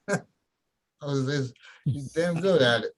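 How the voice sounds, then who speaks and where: Folksy rambling man, slightly high voice. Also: drawn-out words, a bit bright. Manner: folksy, rambling, restarts often. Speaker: contest organizer. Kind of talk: casual group video chat.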